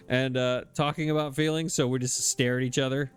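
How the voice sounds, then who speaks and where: A man's voice: medium pitch, steady tone, moderate pace, clean tone, soft background music. A man hosting a cozy farming game let's play, chatting casually and joking about the story with frequent laughs. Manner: jokey, self-deprecating, laughs often. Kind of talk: casual gameplay commentary.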